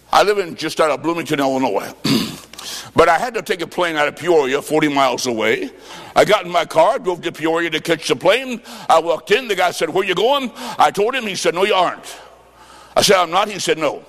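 An older evangelist man, preaching a revival sermon with folksy stories and shouted emphasis. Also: fairly high pitch, lively intonation. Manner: fervent, shouting and drawn-out for emphasis, folksy asides. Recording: long hall reverb.

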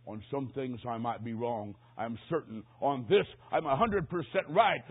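A man preaching a sermon, telling a story dramatically, dropping to a hush and rising to a shout. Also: mid-range voice, normal speed, hardly any pauses, husky. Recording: tinny phone-like lo-fi recording.

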